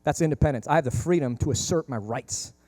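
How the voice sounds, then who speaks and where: Man, pastor, sermon, fast-talking, higher voice, animated, conversational, acts out quotes, dry close sound. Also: no room sound. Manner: humorous asides.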